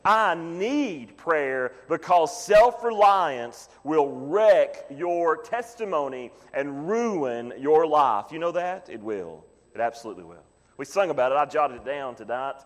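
A man preaching a sermon as pastor, emphatic, swinging from loud pleading to quiet low asides. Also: expressive, unhurried, big-room sound.

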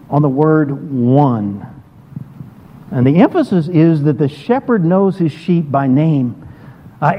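A male pastor delivers an earnest sermon in a slightly raised voice, often doubling back on his words as he works through a point. The sound is a little dull and lo-fi, and his voice trails into a long reverb as in a large church hall. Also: fairly high pitch.

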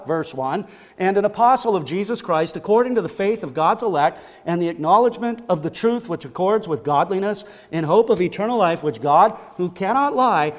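A man preaching a sermon, emphatic and repetitive, stacking short phrases for stress and often restarting his words. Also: sits high. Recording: long reverb of a large hall.

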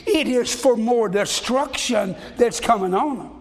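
A man with a notably high voice preaches a sermon, reading scripture aloud. His talk is folksy, circling back and repeating words as he goes. His voice rings out with a long reverb, as in a large hall. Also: measured pace.

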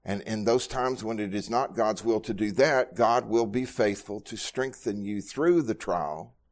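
Earnest pastor preaching at a Bible study. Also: male voice, on the low side, measured pace. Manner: earnest, repeats words when moved.

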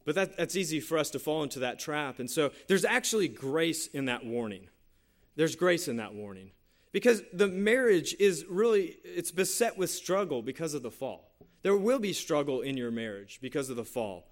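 A man preaching a sermon in a slightly higher voice than most men. He talks earnestly and conversationally, repeating phrases as he works through scripture and a personal story. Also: expressive, moderate pace. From San Jose Bay Area, California. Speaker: pastor.

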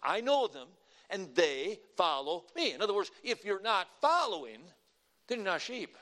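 Male preacher, high-pitched, emphatic sermon delivery, loud and soft swings. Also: very animated, moderate pace.

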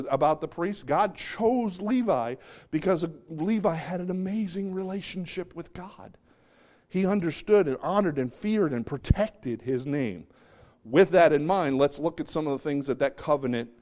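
A man's voice: fairly high pitch, a little mellow. A middle-aged man preaching a sermon in a conversational way, joking about himself and asking the congregation questions. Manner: conversational, self-deprecating, asks the congregation questions. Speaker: pastor.

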